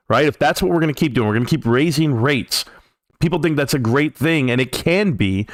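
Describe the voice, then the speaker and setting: Hoarse-voiced man hosting a market live stream. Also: mid-range voice, dry recording. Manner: emphatic, talks straight to viewers. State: voice worn from yelling. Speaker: host.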